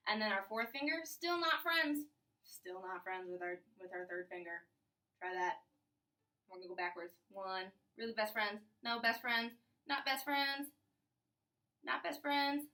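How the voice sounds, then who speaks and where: Young female string teacher, upbeat and playful, bright tone, recorded from a distance. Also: medium pitch, a little slow. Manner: upbeat, playful, talks to kids. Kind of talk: casual video lesson.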